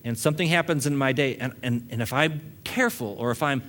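A man's voice: medium pitch, fast talker, a bit bright. Male pastor, mid-range voice, sermon delivery with rising emphasis and easy asides.

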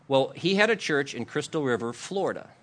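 Pastor, male, animated storyteller from the pulpit, acts out quotes and laughs. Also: medium pitch, fairly quick. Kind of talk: storytelling sermon.

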